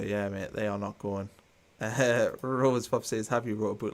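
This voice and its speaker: Fairly low in pitch and steady in tone, this man talks at normal speed with hardly any pauses, his delivery bright and forceful. He hosts a live football watchalong, chatting casually and reading viewer comments in a dry, mildly sarcastic way.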